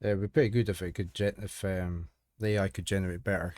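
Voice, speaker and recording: A man's voice: deep voice, steady tone, quick pace, a little mellow, no echo, clean studio sound. A male streamer reading a visual novel aloud on a live stream, chatting casually between lines. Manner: casual, rambling asides with restarts. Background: game music.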